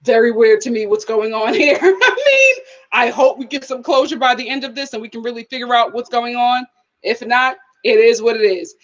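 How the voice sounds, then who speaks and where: An expressive woman with a fairly high voice hosts a live review, chatting with viewers. The recording sounds dull and lo-fi. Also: brisk. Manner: expressive, animated, talks back to viewers. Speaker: host of a TV review channel.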